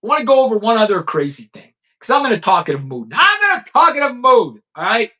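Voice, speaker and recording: A man's voice: very high-pitched, wildly swooping pitch, fast, sharp tone. A man, a former police chief, ranting blunt and profane commentary straight to his viewers.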